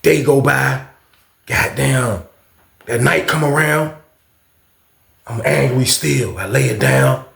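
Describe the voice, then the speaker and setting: Brief: male vlogger, gravelly, loose and profane storyteller, roomy echo. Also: medium pitch, slow pace, long pauses, fairly bright tone. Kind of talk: casual storytime.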